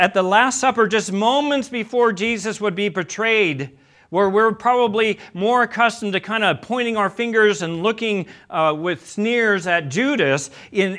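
A man preaching a sermon and retelling scripture as a story. He acts out the quoted lines in quieter, slower voices. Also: high voice.

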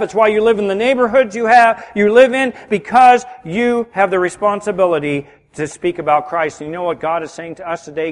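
A man preaching a sermon as pastor. He swings between loud, emphatic lines and hushed ones. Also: sits high. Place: church sanctuary. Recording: reverberant hall.

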